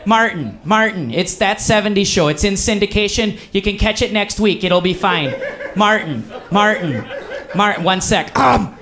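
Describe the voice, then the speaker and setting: A man performs a middle-aged small-town uncle with a thick Wisconsin accent, folksy and self-assured, in a voice pitched above his own. It sits high and a bit bright at a moderate pace, as the character rambles on and keeps calling out names eagerly in a raised voice.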